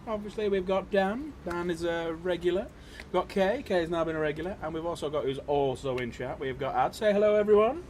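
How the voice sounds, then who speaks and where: A man hosting a casual livestream, jokey and laughing often, with loud cheerful greetings. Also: high-pitched, fairly quick, a little hiss or hum. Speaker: livestream host.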